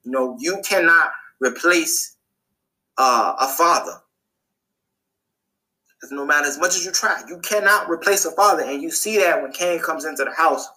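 Man, podcast host, casual show recap, bright forceful voice, slightly high pitch, repeats himself for emphasis. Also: low-quality recording. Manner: animated, acts out characters' lines in a higher voice; colloquial, repeats phrases for emphasis.

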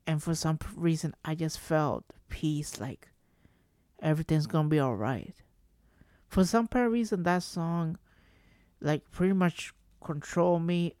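A man's voice: on the high side, smooth, dry recording. Man, casual storytelling vlog, rambling, repeats himself, dry close sound. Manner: rambling, animated, swears, repeats and restarts. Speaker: vlogger.

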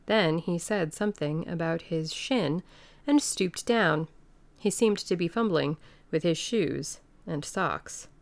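A woman reading a classic novel aloud in a measured storytelling manner. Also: lowish voice, expressive. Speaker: audiobook reader. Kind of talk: scripted narration.

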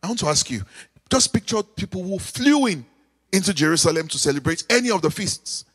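A man preaching a sermon, animated, with call-and-response, sudden shouts and sung lines. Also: sits high, brisk, husky, long reverb tail. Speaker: pastor.

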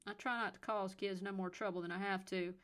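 A woman's voice: mid-range voice, steady tone, brisk, a bit bright, close to an everyday voice. Woman voicing an elderly Southern-accented male cop in an audiobook, patronizing and drawling. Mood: folksy. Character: elderly male Southern police officer, folksy, condescending.

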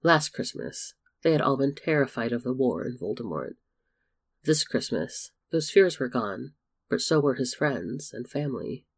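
A man narrating a story in a steady, measured reading voice. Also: mid-range voice, creaky. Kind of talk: storybook fan fiction reading.

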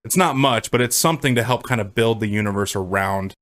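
A man's voice: fairly low pitch, fairly quick, a bit bright. A man casually recapping a movie scene by scene on a podcast, joking, swearing and breaking into silly voices. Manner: goofy, profane, does silly character voices. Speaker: movie rewatch podcast co-host. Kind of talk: casual movie commentary chat.

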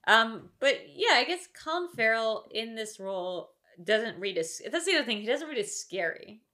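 A woman's voice: fairly high pitch, sing-song, moderate pace, bright, forceful tone. A woman co-hosting a podcast, giving strong opinions in casual chat with lots of filler words. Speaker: podcast co-host.

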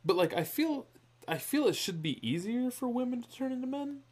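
A man co-hosting a casual podcast chat, excitable and rambling, his voice jumping up when he is surprised. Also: very high-pitched, normal speed.

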